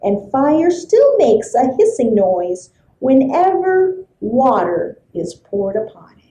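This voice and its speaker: A woman librarian reading a folk tale aloud to children, expressive and full of sound effects. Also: sits high, takes it slowly, reverberant, low-quality recording. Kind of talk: storybook read-aloud for children.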